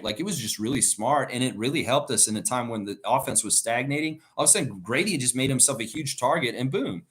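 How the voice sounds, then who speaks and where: A male livestreamer with a mid-range, slightly bright voice talks casually, meandering through his ideas and reading viewer messages aloud in a loose reaction chat.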